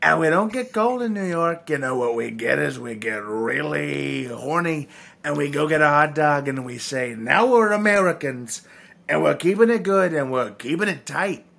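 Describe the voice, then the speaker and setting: A swaggering, grandstanding politician who rambles from one boast to the next, put on by a man. The voice sits high, with a gravelly rasp and a bright, pushy edge. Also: animated, normal speed, exaggerated voice. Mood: blustering. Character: boastful blustery male politician impression. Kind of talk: comic impression in podcast banter.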